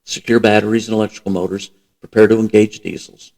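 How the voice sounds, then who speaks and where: A man voicing a calm, commanding submarine captain who gives crisp orders in a storybook reading. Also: on the low side, quick pace, close to an everyday voice.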